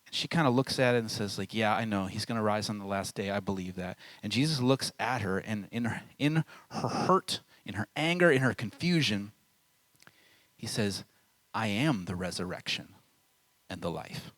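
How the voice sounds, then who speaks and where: A man's voice: lowish voice, expressive, moderate pace, a bit bright, dry recording, poor audio. A man in his thirties giving a camp sermon, telling the story casually and acting out the people he quotes. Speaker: camp speaker.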